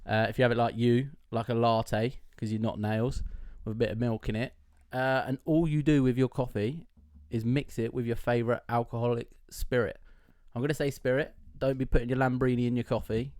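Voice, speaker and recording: A man's voice: mid-range voice, steady tone, fairly quick, hardly any pauses, darkish tone, dry recording, clean studio sound. A man co-hosting a podcast, full of cheeky, rambling banter. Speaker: podcast co-host. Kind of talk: casual chat.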